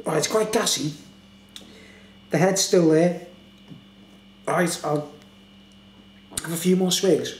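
A man's voice: high-pitched, normal speed, long pauses, a little mellow. A tipsy man reviewing beer in a casual, meandering monologue full of filler phrases. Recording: echoey room.

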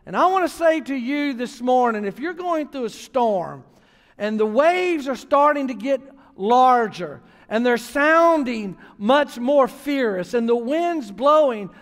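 High-voiced preacher in a reverberant church. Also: male voice, expressive, takes it slowly. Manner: storytelling preacher, builds to emphatic near-shouting. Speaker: pastor. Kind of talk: sermon. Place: church sanctuary. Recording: long reverb of a large church hall.

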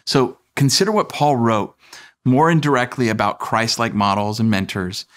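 A man's voice: medium pitch, moderate pace, a bit bright. A man in his thirties preaching a sermon as pastor, talking conversationally with fillers and asides.

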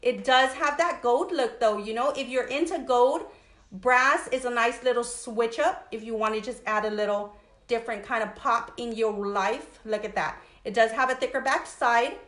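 Upbeat livestream seller, woman, high bright voice, echoey room, greets viewers by name. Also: moderate pace. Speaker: jewelry seller hosting a livestream. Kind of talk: casual live sales chat.

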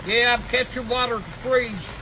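A woman's voice: on the high side, normal speed, background noise. An older woman, ranting in a foul-mouthed, cranky way through mock news and weather reports outdoors on a balcony. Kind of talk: profane comic rant to camera.

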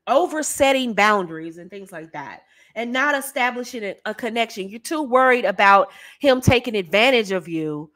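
A woman's voice: medium pitch, no echo. An American woman giving casual, teasing dating advice straight to the camera, often slipping into playful demonstration voices. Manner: animated, teasing, breaks into soft sultry demo voices and laughs. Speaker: dating coach.

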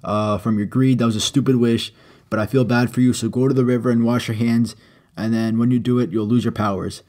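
A man doing a wine god who sounds like a relaxed dude handing out wishes and scoldings in the same offhand slang. The voice stays mid-pitched and plain, in a jokey storybook retelling. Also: a little fast, natural voice. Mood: lecturing. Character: laid-back male god of wine, blunt and casual.

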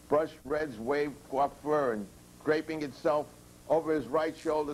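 Author reading his own chapter aloud, dry and steady, deadpan. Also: mid-range voice, a little hiss or hum, low-quality recording.

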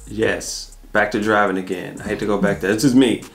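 Faint music plays behind this family vlog co-host from Arkansas, USA, who chats casually through a Q&A, frequently repeating words and starting sentences over. His voice is fairly low, gravelly and fairly bright, and he speaks a little fast in a steady tone.

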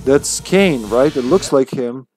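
A man's voice: medium pitch, animated, slow, darkish tone, soft background music, rough recording. A man casually commenting while he plays a video game live, thinking aloud and greeting his viewers.

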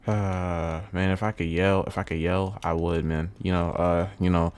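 A young man commenting casually on a video game at home, muttering low, then yelling when excited, repeating himself with lots of bro and man. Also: normal speed, clear, resonant tone. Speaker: gaming YouTuber. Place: at home indoors.

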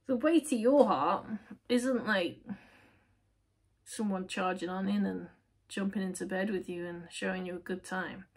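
A woman with a slightly raspy, breathy voice, reading tarot in a relaxed, casual way. She talks directly to the viewer and asks herself questions, then answers them. Her pitch sits in the middle for a woman. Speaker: tarot reader.

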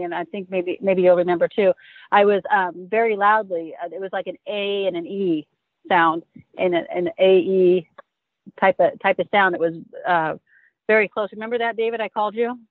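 A woman's voice: medium pitch, steady tone, a little fast, no room sound. Woman guest, emphatic, heard over a phone line. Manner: earnest, emphatic, recounting. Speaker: interview guest. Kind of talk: casual interview chat.

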